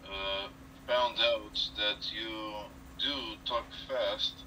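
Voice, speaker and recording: A man joining a livestream as a guest, speaking in a halting, hesitant way. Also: fairly low pitch, level tone, pushed and bright, slight background noise, rough recording.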